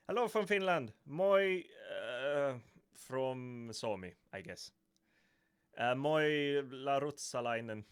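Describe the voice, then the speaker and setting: A man's voice: mid-range voice, a bit bright. A man with a Swedish accent hosting a casual live Q&A, rambling and correcting himself playfully. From Sweden. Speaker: livestream host.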